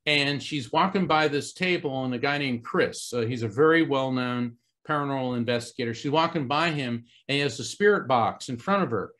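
Talking fairly quickly with hardly any pauses, this middle-aged Central Florida man uses a mid-range, fairly bright voice. As a psychic medium giving a talk, he shares a personal story with a live audience, earnest and conversational, full of fillers and restarts.

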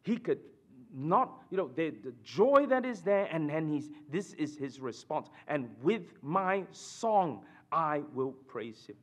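A man preaching a sermon in church, emphatic and animated, often asking the congregation "right?" and dropping suddenly to a hush. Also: on the high side, slow. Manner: repeats and restarts phrases, addresses the congregation with "right?". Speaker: pastor.

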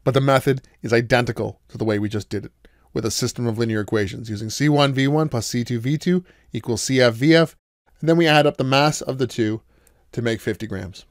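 A male math lecturer with an ordinary middle-pitched voice works through a problem at a patient, steady pace, explaining step by step and pausing to quiz his students. The recording is dry and close, with no room sound.

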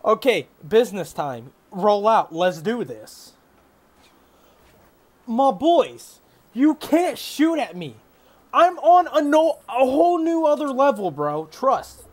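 A young man giving live gameplay commentary, boastful and hyped, yelling whenever he gets excited. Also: very high voice, slow pace. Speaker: gamer.

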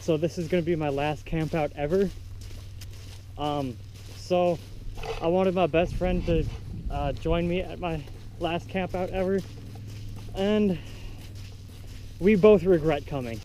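A man's voice: a little high, unhurried, pauses often, mellow, slight background noise, rough recording. A teenage boy rambling in a self-deprecating way as he vlogs outdoors at a scout camp. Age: teens. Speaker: vlogger. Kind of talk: casual vlog chat.

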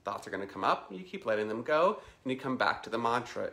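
Man, yoga teacher, guided meditation, calm and unhurried, slightly low voice. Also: gravelly. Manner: calm, unhurried, slows way down on the mantra.

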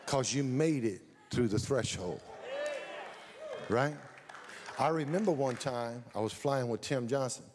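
A man preaching a sermon as pastor, telling a lively story, building up to shouts. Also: mid-range voice, unhurried, long pauses, long reverb tail, crowd noise.

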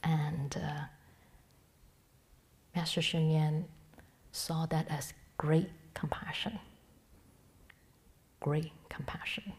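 Low-pitched middle-aged woman giving a dharma talk, lots of restarts and ums, keeps going soft and whispery. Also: flat delivery. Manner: halting, with many restarts and fillers; often drops to a soft, breathy near-whisper. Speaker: Dharma teacher.

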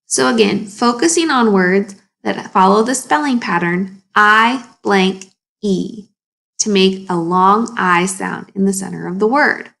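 A woman teaching a phonics lesson to young children, sounding words out slowly and asking the class encouraging questions. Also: mid-range voice, creaky, a bit bright. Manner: slow, exaggerated sounding out of words.

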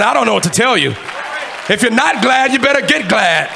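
A man preaching a sermon in a church, shouting and exhorting with fiery, rhythmic delivery. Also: very high voice, very animated, a little fast, creaky, some chatter behind. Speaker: pastor. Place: church sanctuary. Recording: live church service with congregation noise.

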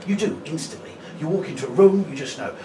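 Chatty comedian on stage, animated voice, distant mic with crowd noise. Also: male voice, on the high side, fast talker. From Brighton, England. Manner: chatty, tags lines with 'right?'. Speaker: stand-up comedian. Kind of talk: stand-up comedy set. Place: comedy venue. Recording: echoey live venue, distant mic, audience noise.

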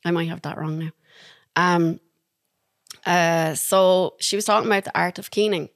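An Irish woman, a podcast guest, telling stories in a chatty, animated way, laughing now and then. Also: fairly low pitch, normal speed, no room sound, studio quality. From Ireland. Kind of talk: casual storytelling.

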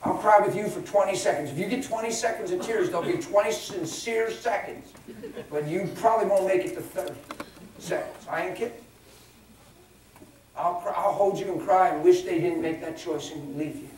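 Plain-spoken pastor in an echoey hall. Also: male voice, sits high, moderate pace, recorded from a distance, slight background noise. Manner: plain-spoken, swings between hushed and loud. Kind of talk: sermon. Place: large church hall.

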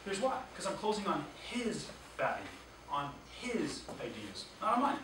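High-voiced man teaching a class. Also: moderate pace. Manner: energetic, asks the class rhetorical questions. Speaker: sales trainer. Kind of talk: classroom training lecture. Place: training room with a class. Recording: echoey room, distant mic, background noise.

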